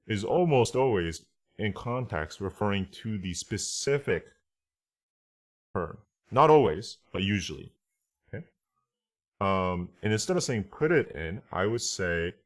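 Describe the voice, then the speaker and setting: A man's voice: low-pitched, animated, unhurried. A man giving a casual online lesson on translation. He explains step by step, reads Japanese phrases aloud, and keeps checking in with "right?" and "okay?". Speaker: translation teacher.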